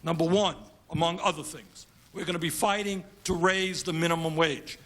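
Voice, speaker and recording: A man's voice: a little high, fairly even intonation, moderate pace, fairly bright tone, slight background noise. A congressman giving an emphatic speech at a conference, building his points through repeated phrases.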